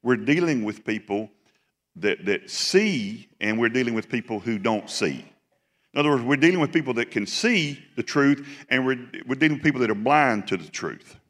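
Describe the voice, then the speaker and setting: In a big church sanctuary, a pastor delivers his Sunday sermon with an animated, mid-range voice at a moderate pace and a fairly bright tone. He stresses his words, repeats phrases and poses questions to the congregation, all under the hall's long echo.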